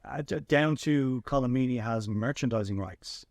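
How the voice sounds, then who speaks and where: An Irish man hosting a podcast, telling animated anecdotes in a casual chat with frequent restarts. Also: mid-range voice, moderate pace, no echo, clean studio sound. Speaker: podcast host and filmmaker.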